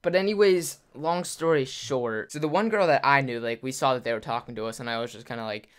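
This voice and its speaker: A man's voice: mid-range voice, brisk, smooth. A young man casually telling a rambling story to his viewers, full of "like" fillers and acted-out quotes. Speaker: YouTuber.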